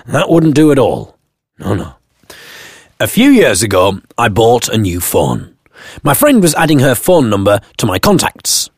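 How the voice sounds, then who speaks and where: A British blogger narrates his own funny story in the first person, wry and self-mocking. His slightly husky voice swings widely, jumping high for emphasis and sinking low for deadpan asides. The unhurried delivery is recorded close and dry, with no sense of a room.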